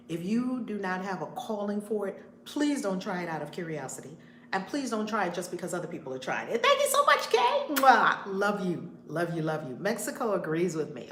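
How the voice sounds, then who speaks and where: Animated woman hosting a live storytime. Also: medium pitch, slight background noise. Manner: animated, greets viewers by name mid-story. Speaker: reverend and channel host. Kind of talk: casual live-stream storytime. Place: room in her home. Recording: roomy home room with faint ambience.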